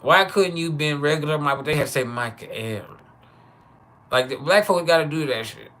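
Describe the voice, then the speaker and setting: A man hosts a casual live stream, chatting with viewers in a loose, joking way, laughing often and drawing out names. His voice is a little high with a sharp tone.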